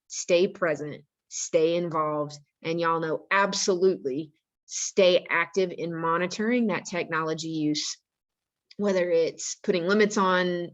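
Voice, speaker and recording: A woman on the staff of a school, talking earnestly and practically to parents and giving them advice on handling angry teenagers. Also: lowish voice. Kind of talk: informal parent-education talk.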